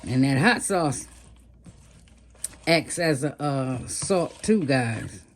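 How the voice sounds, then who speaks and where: A woman's voice: extremely low pitch, lively intonation, very slow, slight background noise. A woman over fifty, chatting casually to viewers as she seasons and fries chicken. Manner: chatty, talks to viewers while cooking. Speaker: cooking vlogger. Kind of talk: casual cooking vlog.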